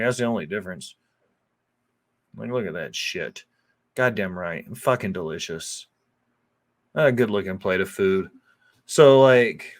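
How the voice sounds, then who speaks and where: Profane, rambling male chef. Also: mid-range voice. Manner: profane, loose and rambling with lots of fillers. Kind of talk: casual cooking voice-over.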